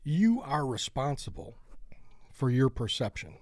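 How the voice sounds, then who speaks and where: A man's voice: medium pitch, very animated, a little slow, a little mellow, dry recording, studio quality. A man co-hosting a podcast in casual chat who reflects aloud in a hesitant, musing way. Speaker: podcast co-host.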